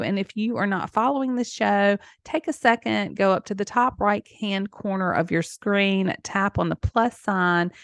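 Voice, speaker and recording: A woman's voice: medium pitch, no echo. Woman, podcast host, effusive, emotional, dry close mic. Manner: effusive and emotional, with small laughs. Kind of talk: solo podcast monologue.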